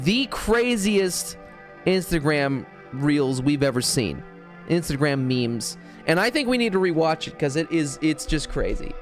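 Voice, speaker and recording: A man casually chatting as a streamer reacting to clips, rambling and swearing as he goes. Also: fairly high pitch.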